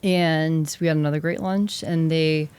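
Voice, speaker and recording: A young woman with a Boston accent telling her career story as a guest, animated and quick in bursts with filler words. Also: low voice, clean tone. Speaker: investment specialist guest. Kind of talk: casual interview storytelling.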